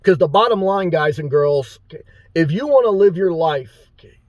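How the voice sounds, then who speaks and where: A man's voice: fairly high pitch, expressive, moderate pace, a little mellow, no room sound. Blunt, profane man ranting. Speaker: motivational YouTuber. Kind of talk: ranting monologue to viewers.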